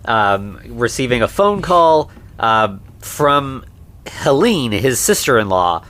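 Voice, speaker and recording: A man's voice: mid-range voice, very animated, takes it slowly, a bit bright. A man co-hosting a podcast, casually recapping an old movie with lots of "like" and "you know.". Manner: rambling, heavy on fillers like "like" and "you know". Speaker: podcast co-host.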